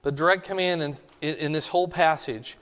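A man's voice: fairly high pitch, steady tone, moderate pace, a bit bright. Guy pastor explaining scripture, casual asides, punchy emphasis, long reverb behind him. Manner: conversational, emphatic, rising for stress. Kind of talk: expository Bible teaching sermon.

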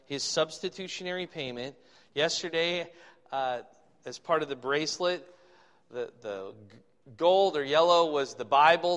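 Male pastor, slightly high and bright voice, verse-by-verse sermon, reverberant hall. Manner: reads scripture slowly and loudly, then explains conversationally. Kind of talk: expository sermon.

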